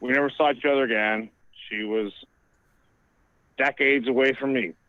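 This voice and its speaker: A man's voice: medium pitch, steady tone, dry recording. A man who rambles and hesitates while he chats on a call. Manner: rambling, halting. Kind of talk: casual chat. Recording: tinny dry phone line.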